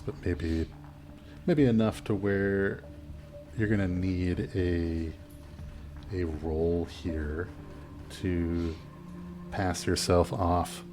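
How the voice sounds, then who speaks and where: A man narrating a tabletop game as game master, relaxed and halting, with many fillers. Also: low-pitched, a little hiss or hum.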